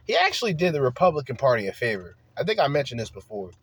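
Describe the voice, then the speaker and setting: A man's voice: mid-range voice, big pitch swings, fast talker, breathy edge. A man hosting a podcast, ranting in a heated, profane, emphatic way and firing off rhetorical questions. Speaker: podcast host. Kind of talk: solo opinion rant.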